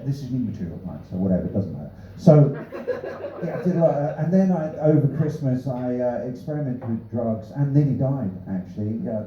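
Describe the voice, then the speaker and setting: A man doing a stand-up set of new material, delivering dry punning one-liners with offhand asides from a small club stage. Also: medium pitch. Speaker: stand-up comedian. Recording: echoey room, distant, slightly dull.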